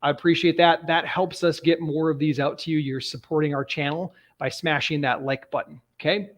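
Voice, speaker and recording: Male coach, a bit high-pitched, lively storyteller for a live training stream. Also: brisk. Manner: animated storytelling. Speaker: real estate investing coach. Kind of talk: live online training talk.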